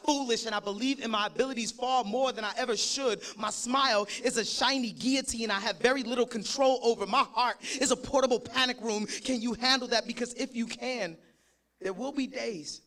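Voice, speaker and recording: A high-pitched man with a bright, forceful tone performs spoken word live. He swings from profane comic banter into rhythmic, punchy poetry lines. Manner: profane, joking, rhythmic delivery. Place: live stage at an event.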